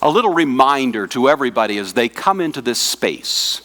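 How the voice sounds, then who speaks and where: Speaking at a conference for pastors, a man lectures in a measured, teacherly way, posing questions to the audience and slowing down and lowering his voice on key words. His mid-range voice is very animated and a bit bright.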